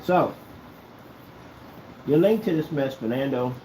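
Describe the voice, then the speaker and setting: A man's voice: mid-range voice, lively intonation, slow, warm tone, a little hiss or hum. A man ranting at someone straight to the camera, scolding and sarcastic, with a lot of repetition. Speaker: vlogger. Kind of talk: confrontational address to camera. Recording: echoey room.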